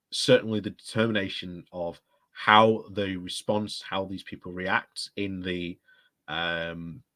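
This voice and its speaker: A man's voice: on the low side, a bit bright. A man hosting a casual political commentary vlog, rambling and hedging as he talks. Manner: rambling, hedging with lots of ums and "like I say". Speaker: host.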